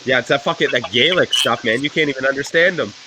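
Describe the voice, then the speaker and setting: A man's voice: mid-range voice, quick pace, background noise. A man chatting animatedly on a podcast, swearing and repeating words for emphasis. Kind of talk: casual chat.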